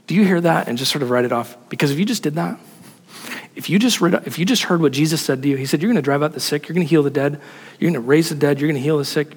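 A man preaching a sermon in an animated, emphatic way, asking rhetorical questions. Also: a little high, husky, big-room sound. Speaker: pastor.

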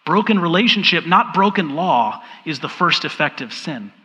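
A man preaches a sermon in a long-echoing church hall. His voice sits a bit higher than most and sounds bright and forceful. He speaks in a measured way and slows down to stress key points. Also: animated. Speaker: pastor. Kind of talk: sermon with scripture reading.

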